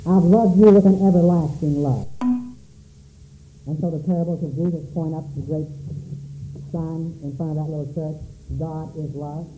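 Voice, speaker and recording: A man's voice: on the high side, measured pace, long pauses, echoey room, music in the background, poor audio. A man preaching a sermon in a church, calling out questions dramatically to the congregation. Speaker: pastor.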